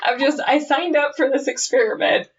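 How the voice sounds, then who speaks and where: A woman's voice: high-pitched, normal speed, creaky. A woman co-hosting a horror podcast, giggling and riffing on the story as she reads it aloud. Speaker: podcast co-host. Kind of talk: casual comedic chat and story reading. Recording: distant lo-fi mic with faint noise.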